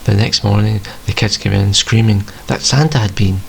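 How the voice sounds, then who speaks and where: A man tells a first-person story in a plain, measured reading. His voice is low and carries a gravelly rasp. Faint hiss sits behind him. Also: poor audio.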